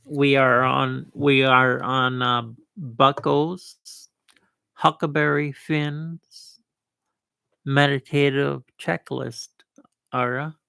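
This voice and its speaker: A man with a deeply gravelly, creaky voice hosts a live stream, talking in a slow, meandering way. His tone is bright and forward, and the sound is close and dry. He stumbles and restarts often but asserts himself with easy confidence. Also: little pitch movement, no echo. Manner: rambling, with self-assured asides and many restarts. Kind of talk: casual live-stream chat.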